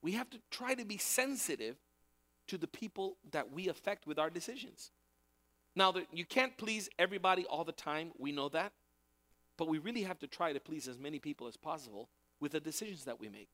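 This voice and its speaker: A man's voice: a little high, expressive, fairly quick, pushed and bright. A male pastor preaching a sermon in a conversational way, repeating key phrases for emphasis.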